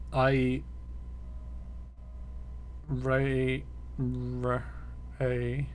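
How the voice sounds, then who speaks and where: A man's voice: mid-range voice, fairly even intonation, extremely slow, long pauses, darkish tone, clear, resonant tone. A man streaming a role-playing game, reading its text aloud, stumbling over words and mocking himself.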